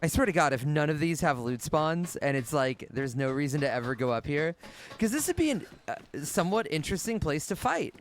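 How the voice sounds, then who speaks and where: A man streaming a game live, thinking out loud and swearing casually as he plays. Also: a little high, big pitch swings, fairly quick. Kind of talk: live gameplay commentary.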